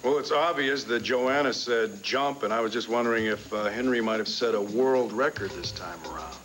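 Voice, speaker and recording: An actor as a wisecracking hero on the run. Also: male voice, medium pitch, normal speed, lightly acted. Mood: wry. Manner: wry and teasing, then urgent. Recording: loud music under the dialogue.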